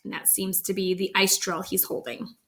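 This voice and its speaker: A woman's voice: medium pitch, little pitch movement, moderate pace, fairly bright tone. Chatty woman reading a storybook aloud. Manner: chatty, amused asides. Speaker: storybook reader. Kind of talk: read-aloud storytelling with asides.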